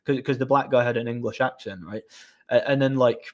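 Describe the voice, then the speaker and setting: A man's voice: mid-range voice, steady tone, fairly quick. A man hosting a casual live stream, telling long stories with many restarts and small laughs. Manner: rambling storytelling with frequent restarts.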